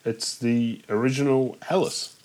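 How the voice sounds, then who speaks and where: A man's voice: medium pitch, steady tone, a little slow, a little mellow. A man hosting a casual chat, talking with many ums and restarts. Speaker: podcast host.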